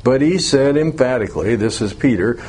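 A man's voice: medium pitch, animated, fairly quick, darkish tone, slightly rough. A man teaching an informal Bible class, conversational, putting questions to the group and chuckling now and then.

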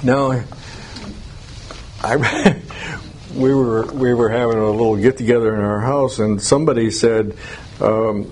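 A man's voice: mid-range voice, unhurried, a little mellow, slight background noise. A man teaching an informal Bible class, conversational, putting questions to the group and chuckling now and then.

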